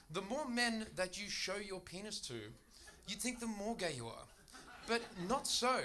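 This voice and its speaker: A young Australian man with an Australian accent works a comedy club stage with a handheld mic, his voice pitched high and very bright and forceful. He rattles through his stories in a quick, chatty stand-up delivery with bursts of laughter.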